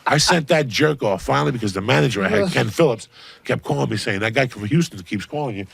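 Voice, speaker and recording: A man delivers a swearing comic rant with a gravelly, rough edge. His voice is husky rather than clean, and he hits his punchlines in loud, punchy bursts with sudden shouts. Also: mid-range voice, lively intonation, quick pace, dry recording. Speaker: comedian guest on a podcast. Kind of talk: profane comic rant and storytelling.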